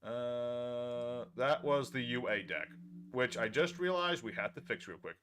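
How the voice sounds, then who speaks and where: A man streaming himself playing a card game, chatting casually with viewers and thinking his moves through out loud. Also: mid-range voice, a little slow, slight background noise. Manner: chatty, thinks aloud and talks to chat.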